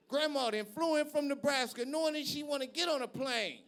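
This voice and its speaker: A male stand-up comedian performing live on a club stage, brash and profane, shouting his punchlines. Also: very high voice, lively intonation, moderate pace, few pauses.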